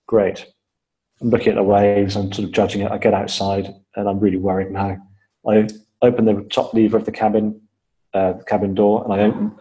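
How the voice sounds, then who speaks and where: A man with a low-set, warm and mellow voice, speaking as a podcast guest. He tells his story in a measured, step-by-step way, with plenty of "um"s. He repeats key phrases to stress them. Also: rough recording. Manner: measured, step-by-step retelling with frequent fillers. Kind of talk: storytelling in an interview.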